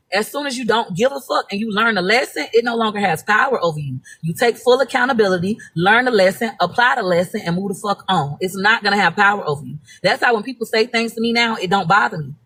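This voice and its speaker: Her voice is husky, medium in pitch and a bit bright. This Florida woman, a social media personality, delivers blunt, profane, emphatic stories in a laid-back live-stream monologue.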